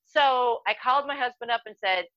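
Bright-voiced excitable woman podcaster. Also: fairly low pitch, fairly quick, no echo. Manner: excitable and animated, swearing casually. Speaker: podcast co-host. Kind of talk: casual storytelling chat. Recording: dry, dull lo-fi recording.

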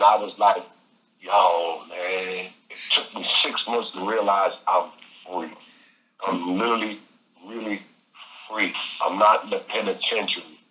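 Animated man over a phone line. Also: fairly low pitch. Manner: animated, repeats phrases, says "man" often. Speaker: interview guest. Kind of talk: casual storytelling.

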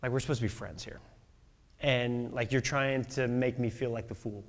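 A man voicing a hurt, defensive male disciple who thinks his friends are mocking him, speaking low and exasperated in a reverberant hall. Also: steady tone, moderate pace, lightly acted.

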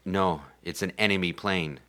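A man's voice: sits low, fairly even intonation, normal speed, sharp tone. A man co-hosting a podcast, recapping a movie in rambling casual chat with many fillers.

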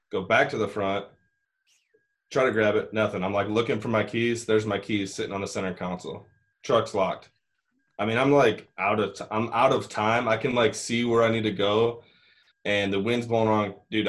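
Young male storyteller, lowish voice, rambling casual delivery. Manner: rambling, frequent "like" and "you know", swearing. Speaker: hunter telling a story.

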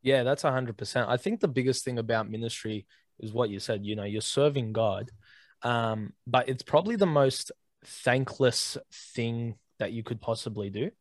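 Casting: man, podcast co-host, earnest storyteller, voice prone to cracking, dry close mic, mid pitch. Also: moderate pace, dry recording. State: voice cracks now and then. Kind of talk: casual chat.

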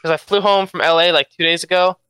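A man's voice: sits high, fast talker, clear, resonant tone, no room sound. Young man with a Philadelphia accent. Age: young adult. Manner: relaxed, repeats words while thinking. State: jet lagged. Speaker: esports player guest. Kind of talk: casual interview.

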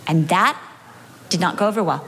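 A middle-aged pastor's wife giving a humorous personal testimony in a sermon, animated and acting out her own past reactions. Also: lowish voice, moderate pace, in a large hall, slight background noise. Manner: animated storytelling, acting out her own wails and self-talk.

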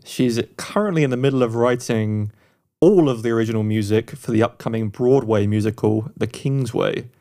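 A man's voice: medium pitch, moderate pace, mellow. Male podcast co-host: enthusiastic, rambling reviewer, mid-range voice. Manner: enthusiastic, rambling, many restarts and fillers. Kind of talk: casual music review chat.

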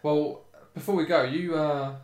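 A man's voice: fairly high pitch, steady tone, unhurried, a little mellow. A man co-hosting a football podcast, chatting casually and teasing his co-host. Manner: teasing, banter. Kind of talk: casual chat. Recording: echoey room.

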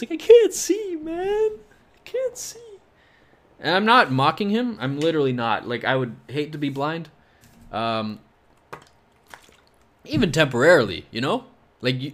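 A man's voice: mid-range voice, fairly bright tone. Rambling man on a solo podcast. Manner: rambling, joking, heavy on "you know" fillers. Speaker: podcast host. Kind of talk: casual solo podcast, fight predictions.

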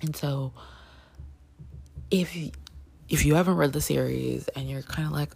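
Woman, book review chat, low voice, gravelly fry, chatty and gushing. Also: slow pace, long pauses. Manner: gushing and chatty, heavy fillers, excited pitch jumps.

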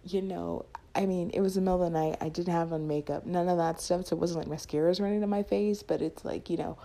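A woman's voice: lowish voice, fairly even intonation, creaky, dark tone. A young adult woman telling a personal story with lots of acted-out voices and laughter, then drawing a faith lesson from it. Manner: acts out voices, breaks into laughter, slow deliberate delivery.

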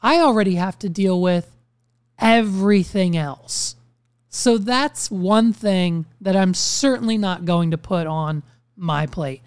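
A man's voice: sits high, slow pace, clear, resonant tone, no echo. Profane, ranting young man hosting a podcast. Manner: ranting, profane, animated storytelling. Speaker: podcast host. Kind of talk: casual podcast monologue.

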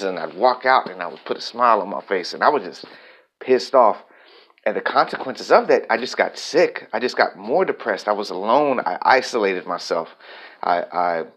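A man's voice: lowish voice, fairly bright tone, husky, rough recording. A man vlogging a personal, reflective monologue, talking candidly and rambling with frequent restarts.

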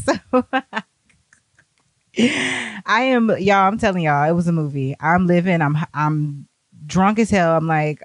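A young woman telling a party story, animated and profane, acting out what people said. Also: fairly low pitch, moderate pace, dry recording. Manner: animated, profane, acts out quotes. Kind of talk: casual storytime.

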